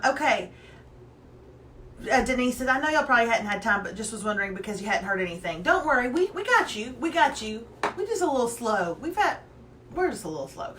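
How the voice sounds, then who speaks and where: A woman co-hosts a casual live morning chat, bubbly and talkative as she reads viewer comments. Her voice sits a little high. She sounds slightly back from the mic, with a faint hum in the room. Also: reverberant, far from the mic. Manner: chatty and animated, reads viewer comments aloud. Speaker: co-host of a morning live show.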